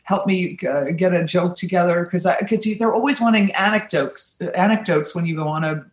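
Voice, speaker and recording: A woman's voice: on the low side, brisk. A woman, an actress guest, chatting casually and telling self-deprecating stories on a podcast from her home. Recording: roomy home room.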